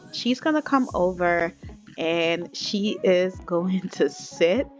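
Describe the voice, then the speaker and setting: A chatty woman telling a life-sim story as she plays, talking right to her viewers in a relaxed, casual way. Soft music plays faintly behind her. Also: on the low side, muffled recording. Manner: chatty, addresses viewers as y'all. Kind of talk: casual game story narration.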